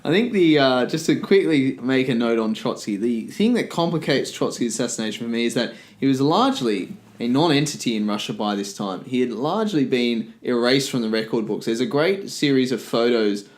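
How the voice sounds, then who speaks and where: Man explaining, mid-pitched. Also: expressive, a little fast, hardly any pauses. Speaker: podcast co-host. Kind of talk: casual history podcast chat.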